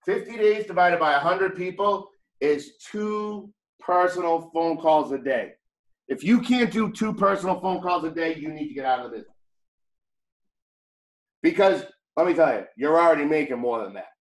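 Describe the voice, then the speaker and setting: Boston-accented man, blunt trainer talk, slightly high voice, echoey training room. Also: lively intonation, normal speed. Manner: blunt, conversational, jokey. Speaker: real estate trainer.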